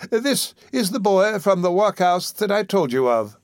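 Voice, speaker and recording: A man's voice: sits high, sing-song, moderate pace, no room sound, pitched above the performer's own voice. A deferential, middle-aged undertaker speaks with fawning politeness in a somewhat raised voice, which a male narrator puts on. The sound is close and dry, like a storybook reading.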